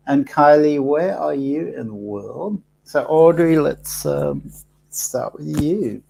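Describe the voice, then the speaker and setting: A soft-spoken man hosting a live card reading, talking slowly and haltingly with many pauses and fillers. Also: a little high, gravelly, slight background noise. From Africa. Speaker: host reading cards for live viewers.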